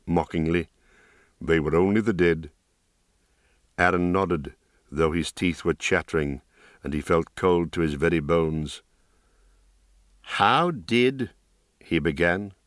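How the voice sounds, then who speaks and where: A man narrating a fantasy audiobook in calm, steady scripted storytelling. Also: deep voice, no room sound, studio quality.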